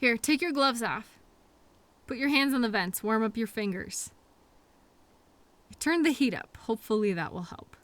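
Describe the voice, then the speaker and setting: Bright, lively woman in audio role-play. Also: fairly high pitch, normal speed, pauses often. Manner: fussy, scolding then apologetic, quirky mild exclamations.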